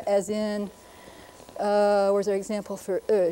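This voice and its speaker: A woman linguist presenting a televised lesson, explaining briskly and sounding out words to demonstrate them. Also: mid-range voice, little pitch movement, mellow, rough recording. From United States.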